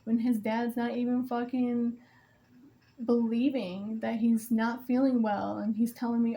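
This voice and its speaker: A woman's voice: fairly high pitch, little pitch movement, moderate pace, dark tone. A young mother venting about co-parenting in a casual vlog, emotional and rambling, swearing often and restarting her sentences, while she paints.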